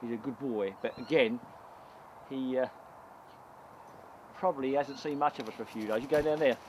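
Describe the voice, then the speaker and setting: A bird keeper with a medium-pitched voice chats casually at a moderate pace while handling his birds outdoors among their enclosures. He coaxes them affectionately, and the field recording is noisy.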